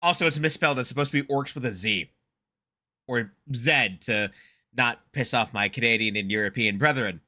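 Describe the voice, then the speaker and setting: A man's voice: mid-range voice, moderate pace, bright, forceful tone. An American man giving casual, rambling reaction commentary, laughing often and poking fun at himself. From United States. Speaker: reaction streamer.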